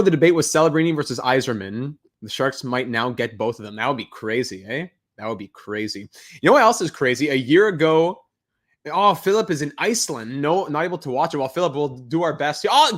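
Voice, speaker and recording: A young man hosting a live reaction stream, chatting and reading viewer comments aloud. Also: on the high side. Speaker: livestream host.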